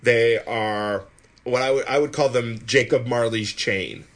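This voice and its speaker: A man's voice: medium pitch, fairly even intonation, a little slow. A man hosting a podcast in casual chat, rambling and self-mocking, often stumbling and restarting. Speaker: podcast host.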